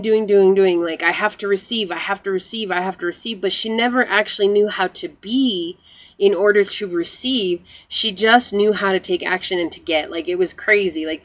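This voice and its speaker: A woman giving a spoken tarot reading, talking gently and earnestly straight to the listener, with a lot of "like" and repeated phrases. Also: mid-range voice. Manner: fills speech with "like" and repeats phrases. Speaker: tarot reader.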